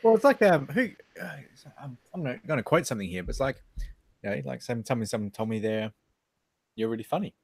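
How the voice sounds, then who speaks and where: A man who is a guest on a casual livestream, starting and restarting as he winds into a story. His pitch is animated and swings widely, and the sound is dry and close. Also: no room sound. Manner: rambling, halting storyteller. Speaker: stream guest.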